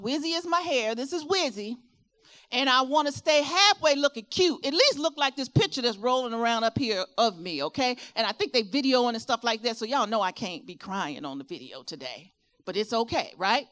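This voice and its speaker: A middle-aged woman from Virginia with a Southern accent gives a motivational talk at a caregiver expo, often putting questions to her audience. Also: high voice. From Virginia, USA. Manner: animated, asks the audience questions, rising and falling delivery. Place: expo hall with a live audience.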